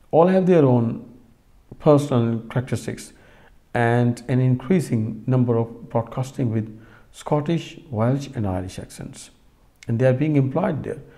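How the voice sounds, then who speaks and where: Gravelly, mellow-voiced man lecturing. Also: medium pitch. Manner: explains slowly with many fillers and restarts, addresses students directly. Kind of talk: recorded lecture.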